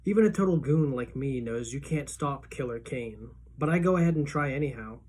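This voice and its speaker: Teacher lady reading a book chapter aloud to her class, steady tense narration. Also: a bass voice, fairly quick, breathy edge.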